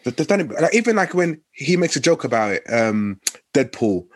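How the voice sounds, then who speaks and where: A man's voice: a little high, big pitch swings, brisk, slightly rough. A young man rambling with many fillers in casual podcast chat.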